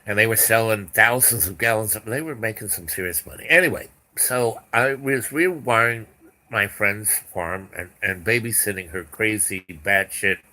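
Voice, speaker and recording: A man's voice: lowish voice, normal speed, pushed and bright. An older man telling a rambling personal story, full of restarts and asides. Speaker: podcast host.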